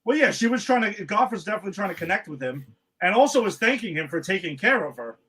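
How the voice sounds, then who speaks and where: A man's voice: high-pitched, fast, slightly rough, low-quality recording. Chatty man recapping a show. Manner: recapping plot, relaxed and chatty, says "you know" often. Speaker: podcast host. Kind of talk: casual chat.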